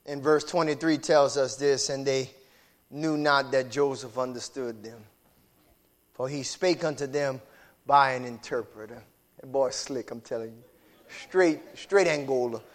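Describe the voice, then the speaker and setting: A man preaching a sermon, swinging between shouted whooping and low, hushed talk. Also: steady tone, unhurried.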